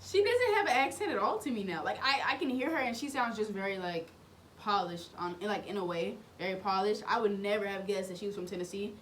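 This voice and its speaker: A young woman from Oklahoma with a Southern US accent hosts a reaction video, commenting in an easygoing, rambling way full of fillers. Her medium-pitched voice is fast and fairly bright, with a little hiss or hum.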